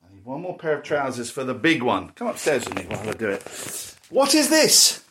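A man's voice: medium pitch, expressive, a little fast, noisy background. A man in his forties chatting candidly while he packs at home, stopping to talk to his dog. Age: 40s. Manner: rambling, candid, talks to his dog between thoughts. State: out of breath from stairs. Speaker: vlogger. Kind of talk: casual chat while packing. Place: home, indoors.

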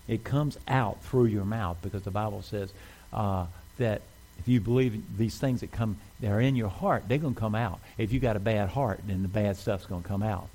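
A man's voice: on the low side, creaky, dark tone, rough recording. A man preaching a sermon in a church, talking conversationally and asking the congregation questions. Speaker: pastor.

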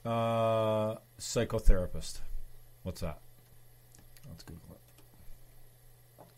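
Low-voiced rambling male host. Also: slow pace, a little hiss or hum. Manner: rambling, profane. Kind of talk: casual solo show chat.

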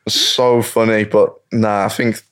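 A man's voice: on the low side, little pitch movement, unhurried, smooth. A young man chatting casually as a podcast guest, telling stories and laughing often. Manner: laid-back storytelling, laughs often. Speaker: guest footballer. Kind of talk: casual chat.

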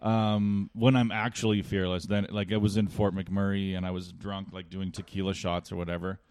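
Low-voiced profane male comic. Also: level tone, normal speed, a little mellow, smooth, dry recording. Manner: profane, self-deprecating storyteller acting out dialogue. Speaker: comedian podcast host. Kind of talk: casual storytelling.

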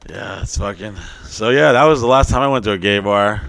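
A young adult man in casual, profane podcast banter, telling stories with exaggerated high-pitched quoted voices. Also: a little fast, gravelly, no echo. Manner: profane, animated storytelling with high mocking put-on quotes.

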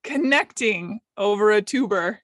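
A woman speaks at a middle pitch, telling a personal story with open emotion and self-deprecating asides. She is recorded close on a dry mic with no room sound. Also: lively intonation, unhurried, fairly bright tone, dry recording. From United States. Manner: emotional, self-deprecating, quotes others in light voices. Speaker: podcast host, guest.

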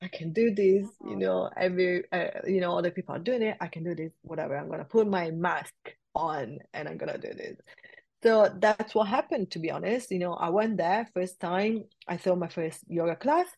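A woman in her forties, a guest in a casual interview, telling her story in a lively way with frequent laughter. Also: fairly low pitch, a little fast, gravelly, slightly rough, no echo. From south-west London. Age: 40s. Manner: lively, laughs often, acts out past conversations. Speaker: interview guest, yoga teacher.

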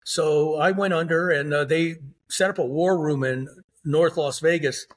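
Husky older man telling a story. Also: on the high side, measured pace. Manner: plainspoken storyteller who acts out the dialogue. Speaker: former undercover officer and author. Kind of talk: storytelling interview.

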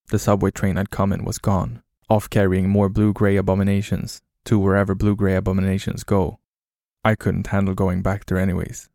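A man narrating a horror story in a flat, grim, low-key way. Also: creaky, dry recording, clean studio sound.

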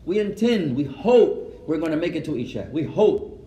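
A man teaching a mosque lesson and answering questions, mixing Arabic phrases into his English, in a gently instructive way. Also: on the high side, big pitch swings, moderate pace. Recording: roomy echo, voice from far off.

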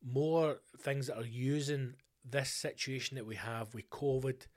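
A Scottish man talks alone into his podcast mic, answering listener questions in a loose, rambling way. He gets animated when he spins out a scenario, and he swears freely. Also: mid-range voice. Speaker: podcast host.

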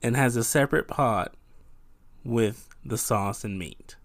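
A man's voice: medium pitch, measured pace, creaky, no room sound. A man co-hosting a podcast in casual chat, joking and teasing his cousin. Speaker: podcast co-host.

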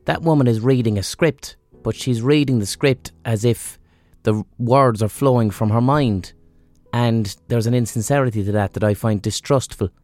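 A man's voice: medium pitch, moderate pace, a little mellow, no room sound, faint music behind. A man hosting a podcast, talking off the cuff in a blunt, sweary, rambling way while sick with a fever. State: feverish, unwell. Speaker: podcast host. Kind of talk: casual solo monologue.

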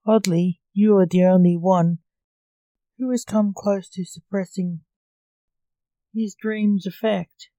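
A woman reading a story gives voice to the Sandman, a calm male dream guardian from a storybook. He speaks slowly and matter-of-factly in a warm, mellow tone, recorded close and dry. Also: medium pitch, no room sound.

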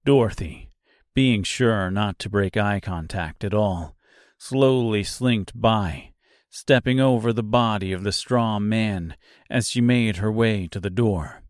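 A male narrator reading a dark fantasy novel aloud at an unhurried pace. His voice sits in a middle pitch, and the recording is dry and close with no room sound. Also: no echo. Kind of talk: audiobook narration.

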